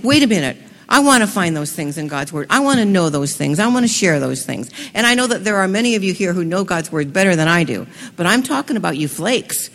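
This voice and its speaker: A woman giving an enthusiastic talk to a women's gathering, moving between hushed, slow passages and excited bursts. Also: mid-range voice, slight background noise. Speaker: speaker at a women's event. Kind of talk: sermon. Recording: long reverb of a hall.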